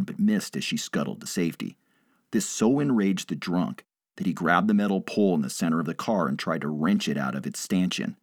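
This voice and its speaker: A man reading a first-person story aloud in a measured, dramatic way. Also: sits low, no room sound. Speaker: narrator.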